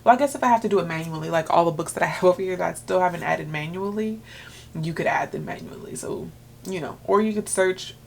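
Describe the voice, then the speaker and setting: An excitable woman in her thirties chats to her viewers about her books. Her voice sits on the low side and has a gravelly fry. A faint background hiss runs under the talk. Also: fast. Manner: chatty and excitable, with filler words. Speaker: book vlogger. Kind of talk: casual chat.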